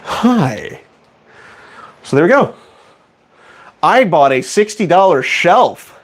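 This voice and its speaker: A rather high, lively voice that swings widely in pitch. A young man streaming casually, joking around and poking fun at himself as he rambles through his setup. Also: slow. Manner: joking, rambling, self-mocking. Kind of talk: casual live-stream chat.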